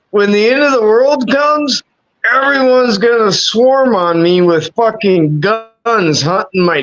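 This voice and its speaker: A man's voice: high-pitched, fairly bright tone, muffled recording. A man in casual chat, crude and joking, swearing heavily. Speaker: podcast co-host. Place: at home.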